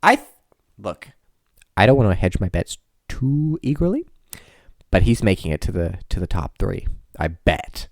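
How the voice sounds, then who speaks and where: Low-pitched and full of big pitch swings, a host works through contest predictions at a moderate pace with long pauses, playfully correcting themselves and making jokey asides. It's casual rambling commentary, dry and close on a desk microphone.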